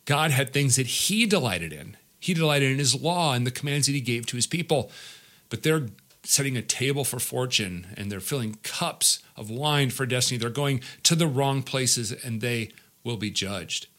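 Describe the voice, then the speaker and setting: A man's voice: mid-range voice, lively intonation, normal speed, fairly bright tone. A middle-aged pastor teaching a Bible passage verse by verse, often repeating his words as he explains.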